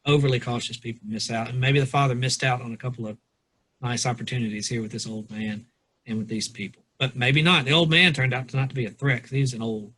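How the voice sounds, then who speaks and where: Male podcast co-host, husky, mid-pitched, rambling casual talk. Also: fairly even intonation, fast talker, bright, forceful tone. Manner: loose, rambling, reads quotes aloud with restarts. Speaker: podcast co-host, pastor or lawyer. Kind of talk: casual book discussion.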